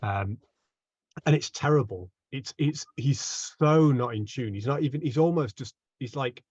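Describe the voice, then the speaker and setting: A man narrating his tabletop character with animated, laughing energy. His pitch sits in the middle. The sound is dull and dry, with no room echo. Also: a little slow, husky. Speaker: tabletop game player. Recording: dull, dry home mic audio.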